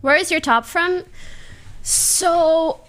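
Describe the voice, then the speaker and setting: A woman's voice: very high voice, very slow, a bit bright. A young adult woman livestreamer chatting casually with her viewers, giggly and slangy, laughing often. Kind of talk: casual chat to a live stream.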